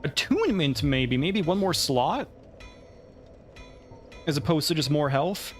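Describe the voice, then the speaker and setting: A man's voice: fairly high pitch, very animated, a little slow, soft background music. A man giving casual let's play commentary, thinking aloud and cursing when the game goes badly.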